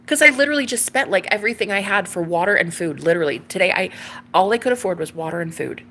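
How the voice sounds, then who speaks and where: A woman's voice: fairly low pitch, lively intonation, fast talker, bright, forceful tone, a little hiss or hum. A young woman talking to camera in a casual, confessional way, gushing and chatty, calling her listener girl and babe. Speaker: tarot reader and vlogger.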